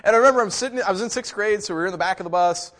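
A middle-aged man preaching a sermon, telling a childhood story with lively, animated delivery and mimicking other voices. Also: high-pitched, very fast. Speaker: pastor. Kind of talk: sermon with personal stories.

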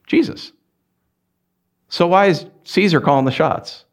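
A pastor preaching a conversational sermon in a church, animated and questioning the congregation. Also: male voice, high voice, a little slow. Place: church sanctuary.

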